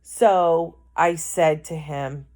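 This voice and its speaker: A woman telling a personal story out loud. Her delivery is emotional and rambling, with frequent false starts and repeated words as she works through what happened. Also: deep voice, steady tone, very slow.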